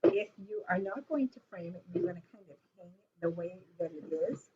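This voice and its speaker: A woman teaching a dot painting class who talks in a relaxed, rambling, reflective way with many fillers. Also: lowish voice, normal speed. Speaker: art instructor. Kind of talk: relaxed painting tutorial talk. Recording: dull lo-fi sound with faint noise.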